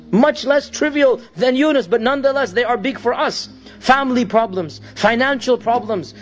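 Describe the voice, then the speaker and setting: A man preaching a sermon, telling a story dramatically and reciting Arabic verses between his English lines. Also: very high voice.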